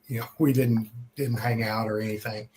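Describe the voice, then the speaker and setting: An older man from Texas, telling stories in a casual way with many pauses and restarts. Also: on the low side, steady tone, darkish tone, slight background noise. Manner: conversational, many "uh" and repeated starts. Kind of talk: casual storytelling.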